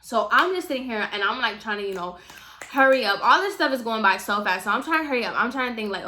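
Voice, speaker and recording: A woman vlogger tells a story in a casual, chatty way, full of "like" and direct asides to her viewers. Her voice sits a little high and sounds bright and forceful. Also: lively intonation, fast talker. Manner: chatty, heavy use of "like", addresses viewers directly.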